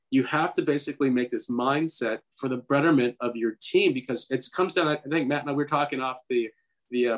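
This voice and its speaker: A man co-hosting a podcast for doctors, giving earnest, urging advice in long runs of talk. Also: mid-range voice. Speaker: podcast co-host, dentist. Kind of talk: casual advice chat.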